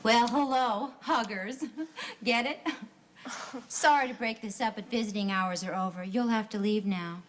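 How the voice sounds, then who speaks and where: An actress playing a corny hospital nurse in a television comedy, speaking in a brisk, jokey way. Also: female voice, medium pitch, a little hiss or hum, close to an everyday voice. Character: corny hospital nurse ending visiting hours.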